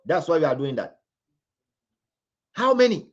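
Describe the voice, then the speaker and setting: High-voiced Ghanaian man scolding on a livestream. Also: big pitch swings, a little slow, dull audio. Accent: Ghanaian English. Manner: forceful, scolding, repeats phrases for emphasis. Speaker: livestream commentator. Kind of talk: impassioned live commentary.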